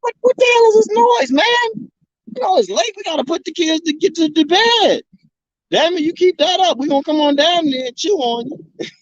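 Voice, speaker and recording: A man voicing annoyed wild animals in the hills who shout curses about the noise at night. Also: very high-pitched, expressive, moderate pace, dry recording, voice pushed up. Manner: shouting, cursing complaints. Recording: dull lo-fi sound.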